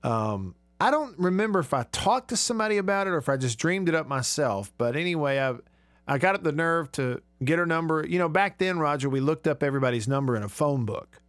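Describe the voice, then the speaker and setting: A man's voice: fairly high pitch, lively intonation, fairly quick, fairly bright tone, dry recording. A man, hosting a radio talk show and telling stories in a chatty, self-mocking way from a studio. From Alabama. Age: 30s. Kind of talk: casual radio talk and storytelling.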